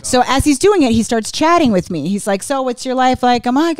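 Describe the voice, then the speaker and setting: Profane, animated woman telling a story. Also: on the high side, fast talker, hardly any pauses, dry recording. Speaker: comedian guest. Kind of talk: casual podcast storytelling.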